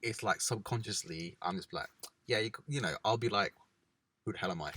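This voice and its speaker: A man's voice: on the low side, fairly quick, sharp tone. A young man co-hosting a casual chat, laid-back and chatty, sometimes slipping into slang voices. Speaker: podcast co-host. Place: parked car.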